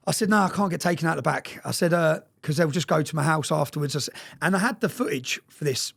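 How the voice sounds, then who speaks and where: A man telling a story fast and bluntly in a casual interview, swearing freely and often checking in with "yeah?". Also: fairly high pitch, gravelly, a bit bright, husky.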